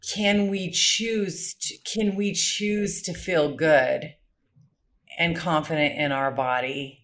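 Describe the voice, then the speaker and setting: A podcast host chats casually in a medium-pitched, fairly bright voice. Enthusiastic and rambling, they often restart phrases and repeat words while thinking aloud.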